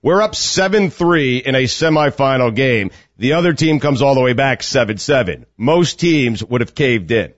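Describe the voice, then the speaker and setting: A man's voice: medium pitch, normal speed, few pauses, no echo. A man co-hosting a radio show, emotionally telling a story about coaching his daughter's team, tearing up as he talks. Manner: choked up, storytelling with rising excitement. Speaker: co-host, youth lacrosse coach. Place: radio studio. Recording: dull radio studio sound, dry.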